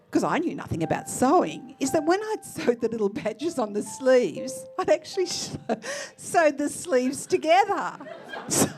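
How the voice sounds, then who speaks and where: An Australian woman telling a personal story on stage in a lively, expressive way, acting out the people she quotes. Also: very high voice. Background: faint musical accompaniment.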